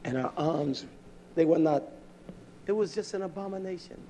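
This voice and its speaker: A man preaching a fiery, scolding sermon that swings from loud outbursts to quiet asides. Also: on the high side, moderate pace, a little hiss or hum.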